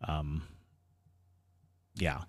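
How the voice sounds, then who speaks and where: A man co-hosting a paranormal podcast, giving measured advice in casual chat. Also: a bass voice, fairly even intonation, no echo, studio quality. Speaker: podcast co-host.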